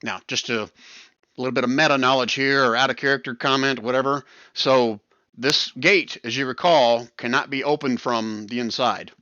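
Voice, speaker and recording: A man narrating a tabletop game as game master, relaxed and easygoing. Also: medium pitch, moderate pace, no echo, muffled recording.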